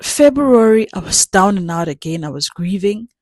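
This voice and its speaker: A woman's voice: mid-range voice, animated, normal speed, a little mellow, no echo. A young adult woman hosting her channel, speaking in an earnest personal way and repeating words for emphasis. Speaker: channel host. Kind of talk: personal reflective talk.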